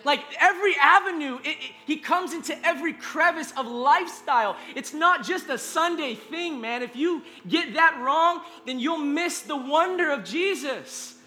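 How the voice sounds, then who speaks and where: A man's voice: very high voice, normal speed, hardly any pauses, pushed and bright. A male pastor preaching a sermon in a casual, earnest, conversational way, often restarting his sentences.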